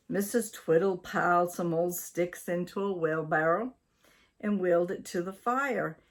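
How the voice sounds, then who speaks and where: An older woman from Maine reading a children's story aloud in a slow, deliberate way. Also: lowish voice. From Maine, USA.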